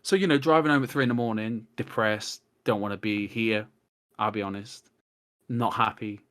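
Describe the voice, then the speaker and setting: A man's voice: on the low side, normal speed. A man talking as a guest on a casual podcast, telling long rambling stories and acting out what people said. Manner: rambling, animated storyteller who acts out quotes.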